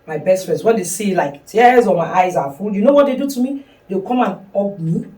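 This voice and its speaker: A middle-aged woman talks gently and reassuringly to her child on a podcast. Her mid-range voice sounds far from the microphone in an echoey room. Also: medium pitch, lively intonation, a little fast. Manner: soothing, reassuring, motherly. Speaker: podcast host and mother. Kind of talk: casual podcast chat.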